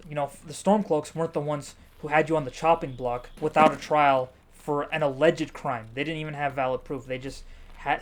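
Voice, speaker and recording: A man giving a casual game review while playing, jokey and animated, barking orders at an imaginary cameraman. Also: on the high side, slight background noise. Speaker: gaming YouTuber reviewing a game. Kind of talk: casual game review with live gameplay commentary.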